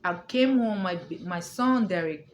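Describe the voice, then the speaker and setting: A woman's voice: mid-range voice, animated, a little slow, dull audio, slight background noise. A woman telling a family story to her viewers in a casual, emphatic way, repeating her points and checking that the listener understands. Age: adult. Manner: emphatic, repetitive, addresses listener directly.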